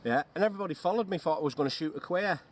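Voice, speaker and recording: A man with a Runcorn accent swaps crude jokes and stories in the woods, talking in a fairly high voice. He swears freely and keeps the banter rolling. Faint outdoor ambience sits behind him. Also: very fast, slight background noise. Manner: joking, swears freely, bursts into high silly chants. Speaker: bushcraft veteran. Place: outdoors in woodland.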